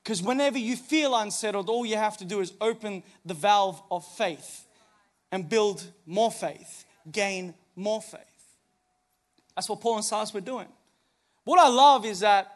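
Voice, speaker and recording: A man's voice: sits high, expressive, measured pace. A man preaching a sermon as pastor on a church stage, emphatic, with many rhetorical questions.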